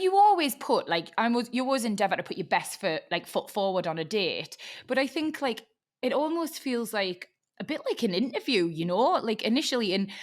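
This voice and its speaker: A woman in her thirties with a Geordie accent, hosting a podcast in casual chat, talkative and swearing freely. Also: mid-range voice. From North East England. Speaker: podcast host.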